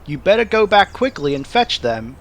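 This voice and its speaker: A man's voice: sits high, big pitch swings, normal speed. A man voicing a practical adult signalman who questions matter-of-factly in a storybook reading.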